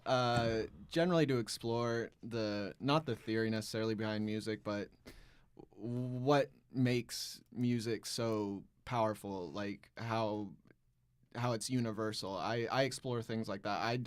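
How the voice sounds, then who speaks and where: A thoughtful band member stammers through his first words before he finds his point. His lowish voice comes through smooth and clean. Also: dry recording. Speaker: band musician guest. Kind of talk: casual radio interview chat.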